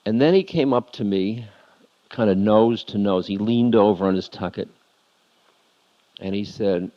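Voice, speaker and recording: A spiritual lecturer telling a confessional story candidly and laughing at himself, heard on a muffled lo-fi tape. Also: male voice, on the low side, measured pace, long pauses.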